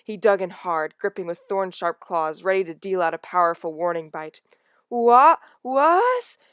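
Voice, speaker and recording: A woman reading a novel aloud in a soft, hushed narration that drops toward a whisper in tense moments. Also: lowish voice, steady tone, moderate pace, clear, resonant tone, no echo, studio quality. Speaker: audiobook reader.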